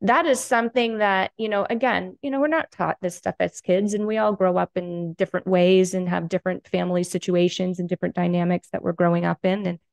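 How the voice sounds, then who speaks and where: A woman hosting a podcast interview, asking her guest gentle, supportive questions. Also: lowish voice, steady tone, brisk, vocal fry, hardly any pauses. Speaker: podcast host. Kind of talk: casual interview.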